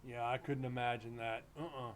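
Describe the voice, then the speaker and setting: A man's voice: medium pitch, level tone, brisk, a little hiss or hum. A man hosting a livestream, telling stories in a loose, blunt, joking way. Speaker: livestream host. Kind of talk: casual storytelling chat. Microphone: streaming setup mic.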